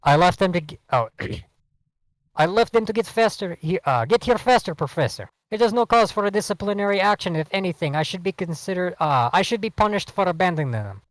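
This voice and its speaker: A man's voice: high-pitched, lively intonation, a little fast, no echo, pitched above the performer's own voice, low-quality recording. A man voicing a grim, dutiful young male soldier hero in a put-on Russian accent. He talks in a stiff, formal way.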